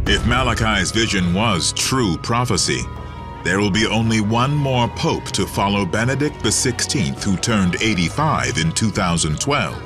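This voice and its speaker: Low-voiced male documentary narrator over music. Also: expressive, a little slow. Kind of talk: scripted narration.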